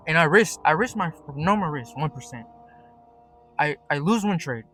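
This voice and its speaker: A man's voice: a little high, a bit bright. A young man telling a story in a casual, rambling monologue, swearing often and restarting his sentences. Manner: profane, rambling, many restarts. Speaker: day trader vlogger. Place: at work.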